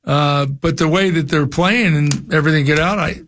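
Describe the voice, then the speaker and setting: A man's voice: a little high, normal speed, fairly bright tone, a little hiss or hum. An older man from New Jersey, a former coach, chatting casually on sports radio and often repeating his first words. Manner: rambling, repeats words when starting thoughts. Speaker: former college football coach, guest.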